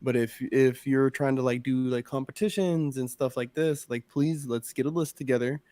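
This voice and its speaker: A man on a podcast, talking casually about coaching and raising kids. He rambles in a relaxed, slangy way, recorded close and dry with no room sound. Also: medium pitch, normal speed, no echo. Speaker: podcast co-host, former youth coach.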